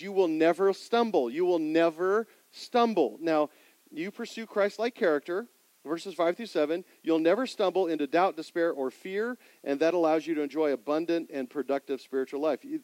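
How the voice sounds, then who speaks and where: A middle-aged man preaching in a church sanctuary, asking the congregation questions and swinging between loud emphasis and quiet asides. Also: sits high, dry recording, low-quality recording. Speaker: pastor. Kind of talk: sermon.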